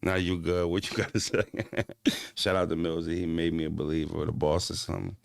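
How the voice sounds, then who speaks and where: A man with a very low voice, swearing through laid-back stories as he talks straight to his viewers. His speech is loose and slangy, recorded close and dry. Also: flat delivery, a little fast, creaky, dry recording. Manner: profane, slangy storytelling. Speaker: livestream host. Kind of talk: casual livestream chat.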